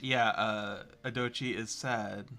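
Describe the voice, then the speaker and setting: A man's voice: lowish voice, steady tone, takes it slowly, bright, forceful tone, a little hiss or hum. A young man, a game developer, chatting casually with a co-host, teasing and laughing often. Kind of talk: casual chat while working.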